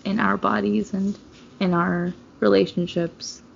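A woman's voice: medium pitch, little pitch movement, measured pace, creaky. A woman co-hosting a casual podcast, talking in an emotional, rambling way. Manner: emotional, rambling, laughs often. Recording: dull lo-fi sound with faint noise.

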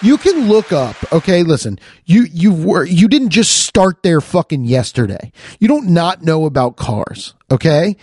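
A man tells a story as a casual, profane rant, worked up and exasperated and tripping over his own restarts. His voice sits a bit high and swings widely in pitch. The recording is close and dry, with no room sound. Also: very animated, a little slow, hardly any pauses, darkish tone, slightly rough, dry recording. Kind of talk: casual ranting monologue. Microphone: close podcast mic.

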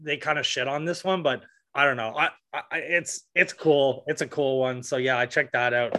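A man's voice: medium pitch, fairly even intonation, moderate pace, pushed and bright. A man co-hosting a podcast, chatting casually about movies in a rambling way, with lots of fillers and swearing. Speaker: podcast co-host.

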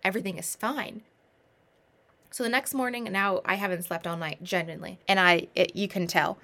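A woman in her twenties telling a personal story in a casual, animated, self-mocking way, with many rambling asides. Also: fairly low pitch, brisk, vocal fry. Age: 20s.

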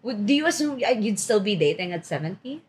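A woman co-hosting a podcast in casual chat with her best friend, animated and teasing, often laughing. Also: medium pitch, quick pace. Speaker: podcast co-host.

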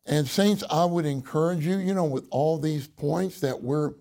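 A man preaching a sermon to a congregation, slow and deliberate, repeating key phrases for emphasis. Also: fairly high pitch, gravelly, mellow. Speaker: minister speaking to a congregation.

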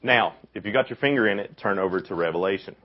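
Young male youth speaker, deep and husky, lively storyteller who acts out quotes, dull lo-fi recording. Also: fast. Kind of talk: casual youth sermon.

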